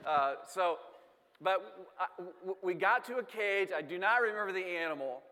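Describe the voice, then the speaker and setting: Male speaker, self-deprecating storyteller, slightly high voice, long hall reverb. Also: expressive, moderate pace, sharp tone. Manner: humorous, self-deprecating, repeats words. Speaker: speaker telling a family story. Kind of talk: storytelling talk to an audience.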